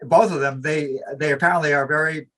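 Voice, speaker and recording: Bright-voiced, hesitant man. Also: on the high side, fairly even intonation, a little fast. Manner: hesitant, full of fillers and "you know". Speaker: podcast conversation partner. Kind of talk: casual conversation.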